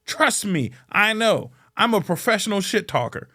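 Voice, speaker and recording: Male podcast host from Chicago, fast-swinging profane rant, high animated voice. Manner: profane, blunt, heckling; big swings between muttering and shouting. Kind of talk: ranting casual monologue.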